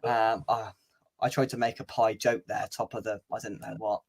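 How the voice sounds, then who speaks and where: A man's voice: lowish voice, level tone, normal speed. A young man hosting a football fan channel's match preview, chatting casually and wryly with plenty of filler words. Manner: chatty, wry, lots of "uh" fillers.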